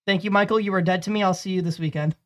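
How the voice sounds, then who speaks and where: A man's voice: high-pitched, fairly even intonation, rapid-fire. A man in his twenties co-hosting a casual podcast, bantering emphatically and swearing freely. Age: 20s. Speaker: podcast co-host. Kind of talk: casual chat.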